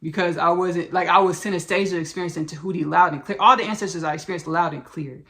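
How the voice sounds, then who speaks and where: A woman's voice: on the low side, fast talker, a bit bright. A woman hosting a podcast in casual spiritual talk, effusive and rambling, repeating herself and calling listeners "baby" and "y'all". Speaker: podcast host.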